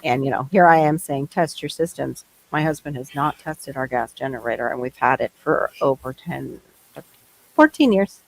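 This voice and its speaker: A woman's voice: rumbling low, animated, moderate pace, creaky, poor audio. A woman hosting a casual live-stream chat who talks easily, trails off mid-sentence and reads prices aloud. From Florida, US. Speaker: host.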